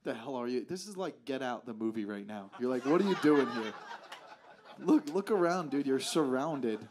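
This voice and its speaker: A man's voice: mid-range voice, expressive, normal speed, noisy background. A man doing profane stand-up crowd work on a club stage, teasing audience members over a handheld mic. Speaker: stand-up comedian. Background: audience laughter.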